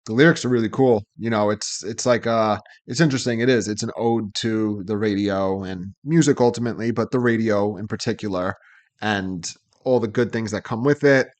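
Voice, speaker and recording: A man's voice: lowish voice, moderate pace. A man co-hosting a music reaction video, talking casually and hesitantly, with many fillers. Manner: hesitant, many "you know" fillers and restarts. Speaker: co-host of a music reaction channel. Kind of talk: casual chat.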